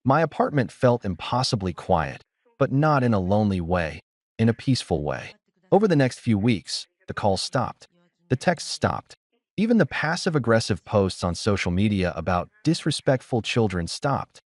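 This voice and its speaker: A man narrating a first-person story in a measured, dramatic storytelling manner. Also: on the low side, big pitch swings, dry recording.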